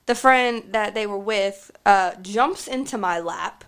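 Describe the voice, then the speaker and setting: A young woman co-hosting a podcast, telling a story in an animated, slightly tipsy way. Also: medium pitch, takes it slowly, clear, resonant tone. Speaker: podcast co-host. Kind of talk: casual storytelling chat.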